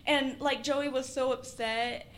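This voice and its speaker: A woman's voice: high-pitched, steady tone, unhurried. A young woman chatting casually on a podcast, full of fillers and laughter. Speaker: podcast co-host.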